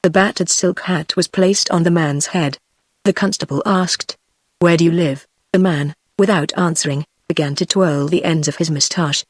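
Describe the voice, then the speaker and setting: A text-to-speech woman's voice with a British English accent, reading an audiobook in an even, measured way. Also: on the low side, slightly rough, no room sound. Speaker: audiobook narrator. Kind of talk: synthetic audiobook narration.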